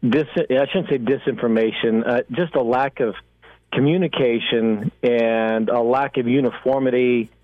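A relaxed man rambles through a call-in chat on sports radio, with plenty of fillers. His voice comes through a tinny, narrow phone line. The sound is dry, with no room echo. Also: medium pitch, moderate pace.

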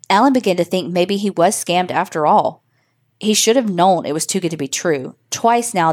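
Woman narrating a horror story. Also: on the low side. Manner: steady, measured storytelling. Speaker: podcast host reading a listener story.

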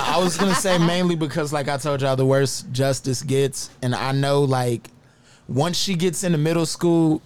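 A man's voice: medium pitch, vocal fry. A father in a casual podcast chat, rambling and talkative.

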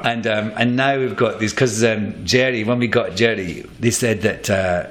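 A man's voice: lowish voice, normal speed. A man who is an actor, telling stories in a casual interview and rambling through restarts. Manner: animated storyteller, rambling with restarts.

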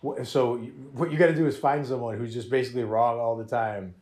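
Podcast guy rambling animatedly about a show, mid pitch, lots of restarts. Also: fairly quick. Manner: animated, restarts, laughs often. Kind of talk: casual chat reviewing a show.

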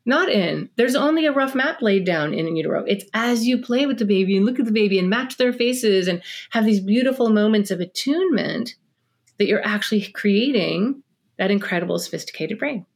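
A middle-aged woman, a parenting expert guest on a podcast interview, explaining in an energetic, animated way and acting out little scenes between parents and children. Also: medium pitch, a little fast.

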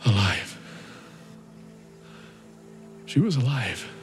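A man's voice: mid-range voice, very animated, extremely slow. A haunted male rescue volunteer recounts his ordeal in a raw, intense first-person monologue. His voice sits in an ordinary middle range, and faint music runs beneath it. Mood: shaken. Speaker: narrator.

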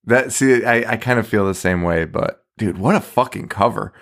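A man co-hosting a horror movie podcast in casual chat, laughing often and swearing freely between halting restarts. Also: fairly low pitch, a bit bright. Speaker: podcast co-host.

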